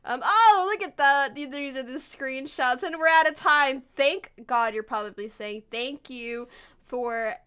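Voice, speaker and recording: Young woman, bright higher voice, rambling self-deprecating voice-over for a build video. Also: a little slow, clear, resonant tone. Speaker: gaming video creator.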